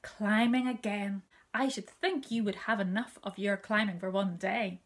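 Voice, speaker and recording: A woman voicing a kind mother in a read-aloud storybook, gentle and softly spoken. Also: medium pitch, fairly even intonation, fairly quick, natural voice. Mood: chiding. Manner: gentle, soft, half whispered. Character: kind, soothing mother of a small girl.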